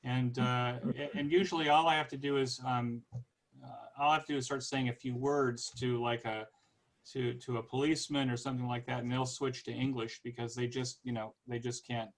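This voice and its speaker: A man with a Californian American accent speaks casually over a video call. He talks at a middle pitch and often stumbles and restarts phrases. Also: flat delivery, low-quality recording. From United States. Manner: halting, many restarts. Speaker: guest speaker.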